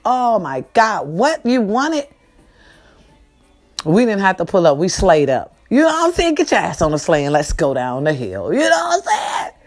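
A woman speaking, casually addressing viewers in a monologue that moves between lively, swearing storytelling and slow, subdued grieving. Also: mid-range voice, faint music behind. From California. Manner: animated and swearing at first, then slow and subdued while grieving. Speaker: host.

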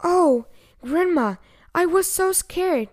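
A woman voicing an innocent young girl with a bright, earnest, childlike way of talking. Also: sits high, sing-song, slow, voice pushed up, exaggerated voice. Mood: tearful. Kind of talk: storybook reading.

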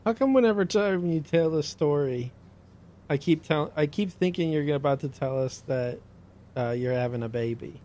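A man's voice: a little high, moderate pace, warm tone. A man co-hosting a podcast, teasing his friend with playful ribbing in casual banter. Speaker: podcast co-host.

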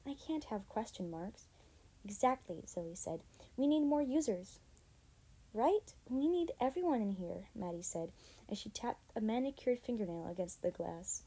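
A woman reading a middle-grade story aloud as narrator, lively and lightly voicing the girls' lines. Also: medium pitch, slightly rough, poor audio. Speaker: audiobook narrator. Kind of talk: scripted narration.

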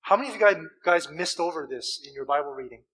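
High, bright-voiced animated preacher man. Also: breathy edge, poor audio. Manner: animated, emphatic preaching with rhetorical questions; deliberate pauses and repeated words. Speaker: pastor. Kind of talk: sermon.

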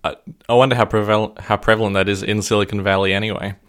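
A man co-hosting a podcast in a curious, questioning casual chat, quick to laugh. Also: on the low side, level tone, fairly bright tone. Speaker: podcast co-host.

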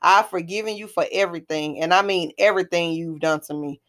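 A woman reading the part of a composed, defiant mother who stands her ground, in a low voice. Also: brisk, a bit bright, close to an everyday voice. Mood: firm. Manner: firm, composed.

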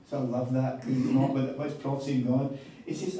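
A man preaching a sermon, telling a story in a chatty, animated way with quoted dialogue. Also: mid-range voice, fairly quick. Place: conference hall on a weekend retreat. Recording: echoey hall, mic at a distance.

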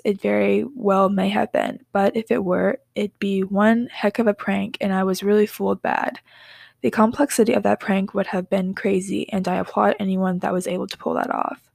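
Giggly young woman with gravelly creak. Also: mid-range voice, no echo, studio quality. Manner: rambling, drifts into soft whispers; giggly, apologetic asides. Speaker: podcast host. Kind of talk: casual storytelling podcast.

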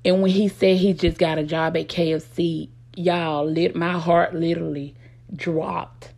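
A woman's voice: on the low side, flat delivery, unhurried, gravelly, darkish tone, no room sound. A young adult woman telling a candid, rambling personal story to her viewers on a phone, full of "you know what I'm saying". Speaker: vlogger.

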